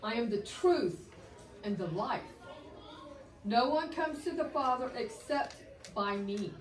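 A woman voicing a gentle male teacher in a Bible story, speaking in a measured, tender way. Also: on the high side, animated. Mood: comforting. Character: gentle, solemn male teacher comforting friends. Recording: roomy, distant mic, faint background hum.

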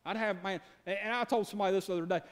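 Pastor guy preaching, real high voice, folksy storyteller talking right to the church folks. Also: racing. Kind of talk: sermon.

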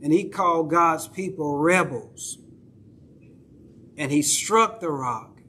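A man's voice: fairly high pitch, takes it slowly, sharp tone, slight background noise. A male pastor with a Southern accent preaching a sermon in a church, talking conversationally and checking in with the congregation. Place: church sanctuary.

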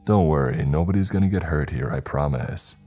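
A man's voice: a bass voice, a little fast, darkish tone, soft background music. A man voicing a kind, joking male doctor who coaxes and reassures a patient in a friendly way. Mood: coaxing.

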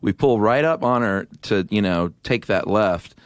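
A middle-aged man co-hosting a podcast, telling a story in a casual, animated way on a studio microphone. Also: lowish voice, a little slow, no echo. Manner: animated storyteller with restarts and laughs. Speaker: podcast co-host.

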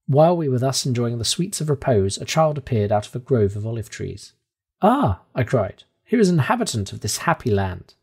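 A male audiobook narrator reading a classic adventure story in the first person. He gives the text lively, dramatic expression, and his pitch moves a great deal. His voice has a husky edge.

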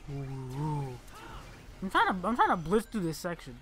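Casual gamer host, bright and very lively, swearing and muttering at a platform game through a desk mic. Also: male voice, fairly high pitch, moderate pace, faint music behind. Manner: exasperated, swearing, yelling at the game; mutters under breath between outbursts. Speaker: gaming channel host. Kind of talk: casual let's play commentary. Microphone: desk microphone by a laptop.

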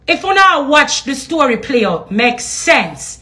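A woman with a Jamaican accent delivers a heated livestream rant in a high, bright-pitched voice. She talks in thick patois, swears freely and keeps firing rhetorical questions at her listeners. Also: very animated, a little slow. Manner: ranting, repeated rhetorical questions; patois slang and profanity. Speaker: social media personality. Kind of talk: heated live-stream rant.

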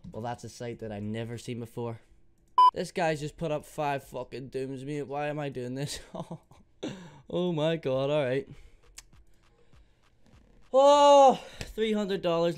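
A young man hosting an excited gaming commentary, swearing freely and swinging between pleading and loud shouts. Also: medium pitch, measured pace, slight background noise. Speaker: host.

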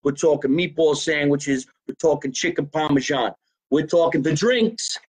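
An animated podcast host, talking in a slightly higher voice than most men. He chats casually and swears freely as he chats from a basement. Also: normal speed, husky, rough recording. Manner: animated, profane, plugging a local deli. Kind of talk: casual live-stream chat.

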